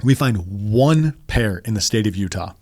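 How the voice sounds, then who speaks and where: Male guest, lower voice, halting and rambling storyteller, dry studio. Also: expressive, a little mellow, no echo. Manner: rambling, halting, with many restarts and fillers. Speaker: podcast guest. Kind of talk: casual storytelling interview.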